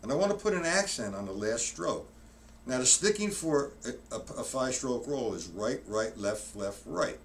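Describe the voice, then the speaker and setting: A man's voice: medium pitch, animated, moderate pace. A man teaches drums on a live stream in a loose, rambling way, breaking off to count beats aloud. He sits well back from the microphone, and the room around him is noisy. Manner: rambling, self-correcting, counts out loud while demonstrating. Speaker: drum teacher. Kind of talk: live-streamed drum lesson. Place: practice room with a drum kit. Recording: distant mic, noisy room.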